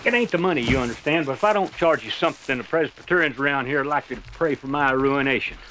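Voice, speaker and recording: An actor playing a wry folksy old landlord. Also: male voice, mid-range voice, fast talker, pushed and bright, slight background noise, lightly acted. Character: folksy old rural landlord, dry humor. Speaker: farmer renting out a barn room. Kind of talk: film dialogue.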